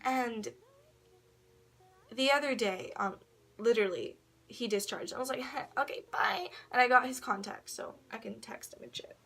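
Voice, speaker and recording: A woman's voice: on the high side, normal speed, pauses often, fairly bright tone. A teenage girl telling a long personal story to camera, rambling and swearing, with frequent laughs and quoted voices. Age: teens. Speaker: vlogger. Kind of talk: casual storytelling vlog.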